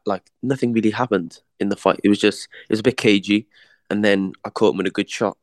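A man's voice: lowish voice, steady tone, fairly quick, no echo, studio quality. A young man, a boxer, chatting casually in an interview, slangy and repeating words as he tells his story.

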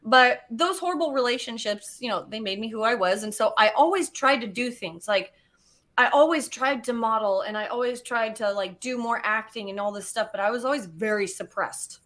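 A woman guest telling personal stories in a chatty, animated way, full of fillers and casual swearing. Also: fairly high pitch, normal speed. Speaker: podcast guest, geologist. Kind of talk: casual storytelling.

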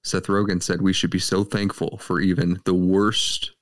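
A man's voice: sits low, little pitch movement, normal speed, no echo, studio quality. A man co-hosting a casual movie-news podcast, playful and jokey in his banter. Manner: playful and jokey, hammy mock accent early on. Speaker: podcast co-host.

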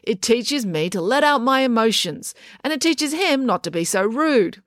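A woman's voice: a little high, lively intonation, moderate pace, a bit bright, no echo, clean studio sound, voice pushed up. A woman voicing a defiant, sarcastic schoolgirl who argues back at every turn. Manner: argumentative, sardonic.

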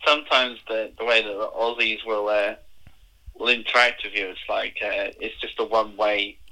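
English male guest, crisp bright voice, giggly banter. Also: fairly low pitch, steady tone, normal speed, poor audio. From England. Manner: laughing, playful. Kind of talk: casual chat. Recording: bright online call audio.

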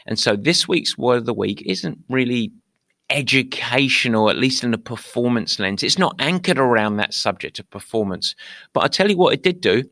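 A man's voice: mid-range voice, lively intonation, moderate pace, pushed and bright, no echo, studio quality. A British man hosting a podcast, talking playfully with theatrical mock indignation. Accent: British English. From England. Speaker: podcast host. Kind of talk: upbeat podcast monologue.

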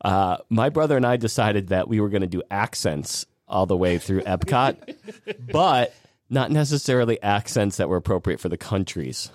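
A male podcast host chats casually and laughs often as he tells stories. His voice is lower than average. The sound is dry and close. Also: animated, normal speed, darkish tone, no room sound. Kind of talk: casual chat.

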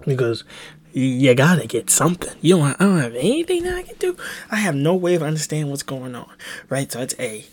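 A young man hosts a solo podcast, telling a heated story in a rambling, profane way. His voice is a little high and a little fast, with pitch that swoops wildly. It's a casual solo monologue.

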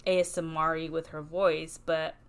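A woman's voice: low-pitched, little pitch movement, measured pace, clear, resonant tone. A woman co-hosting a podcast, talking in a casual, ranting way with lots of fillers. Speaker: podcast co-host. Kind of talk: casual chat.

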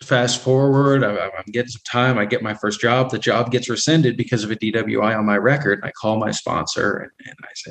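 A man's voice: lowish voice, a bit bright, rough recording. A man in his thirties recounts his path to recovery in an open, candid way. He stumbles and restarts often, with filler words and short laughs breaking up his sentences. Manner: halting, many repeated starts and fillers, laughs often. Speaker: guest sharing recovery story. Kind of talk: candid personal testimony.

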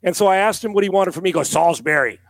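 Ex-quarterback guest, middle-aged man, tells stories with swearing and voiced quotes, high and dry. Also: rapid-fire, no echo. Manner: animated storyteller, acts out quotes, swears casually. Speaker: guest, former NFL quarterback and analyst. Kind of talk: casual storytelling on a podcast.

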